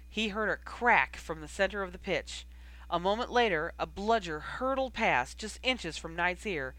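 Bright, expressive audiobook narrator. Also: mid-range voice, poor audio. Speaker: audiobook reader. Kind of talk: fan fiction audiobook narration.

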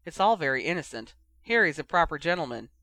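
A confident young older brother who talks with easy authority and reassurance, as a male narrator puts him on. His voice is bright and somewhat high, recorded dry and close. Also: very animated, fast talker, no echo, heavily acted. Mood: reassuring.

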